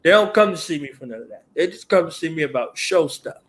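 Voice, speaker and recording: Guy hosting a radio talk show, kinda high voice, chill slangy storyteller vibe. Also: fast. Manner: animated storyteller who mimics callers in a higher, louder voice; laid-back slang-heavy talk. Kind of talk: casual chat.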